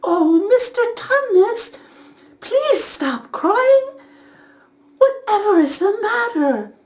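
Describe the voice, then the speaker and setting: A polite, anxious young girl from a storybook, as a woman puts her on, stammering and flustered. Her voice is very high and lively, and she speaks slowly. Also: exaggerated voice. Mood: pleading.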